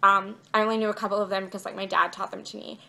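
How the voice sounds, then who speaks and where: A young woman in a casual video diary talks straight to her camera. She rambles from one thing to the next and leans on fillers like "like" and "um", at an ordinary middle pitch. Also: level tone, fast talker, gravelly, bright, forceful tone. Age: young adult. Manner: rambling and chatty, many fillers like "like" and "um". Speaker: vlogger. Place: indoors, outside her bedroom.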